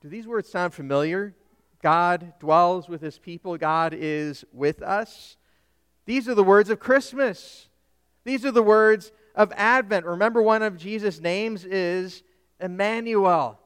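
Slow, resonant preaching man. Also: high-pitched, smooth, big-room sound. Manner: emphatic, with questions put to the congregation. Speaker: Lutheran pastor. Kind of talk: sermon.

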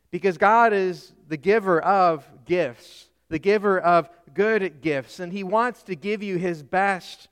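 Slow-preaching pastor in a reverberant hall. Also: male voice, high-pitched, clear, resonant tone. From Minnesota. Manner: storytelling, slow and deliberate with soft trailing phrases. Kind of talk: sermon.

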